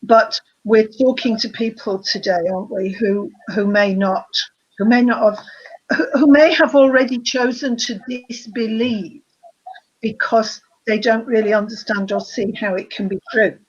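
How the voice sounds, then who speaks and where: A woman therapist on a panel explaining ideas in a careful, measured way. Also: fairly high pitch, fairly even intonation. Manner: measured, careful, restarts phrases. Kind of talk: thoughtful explanation. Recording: slightly dull lo-fi audio.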